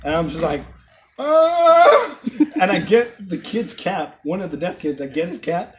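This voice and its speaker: A young man casually telling stories to friends, often laughing and acting out loud exclamations. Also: fairly high pitch, fairly quick, music in the background. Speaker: channel host telling stories. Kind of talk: casual storytelling among friends.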